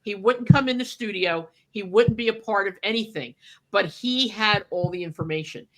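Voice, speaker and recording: A woman's voice: medium pitch, moderate pace, slight background noise. A woman co-hosting a radio show, telling stories in casual chat and acting out the quotes. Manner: animated storyteller, acts out quotes. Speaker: radio co-host.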